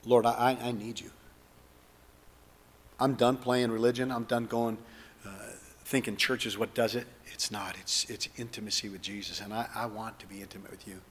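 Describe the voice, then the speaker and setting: A man preaching and leading the listeners in an earnest spoken prayer, moving between hushed lines and fervent ones. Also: fairly low pitch, level tone, moderate pace, big-room sound, a little hiss or hum. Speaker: pastor.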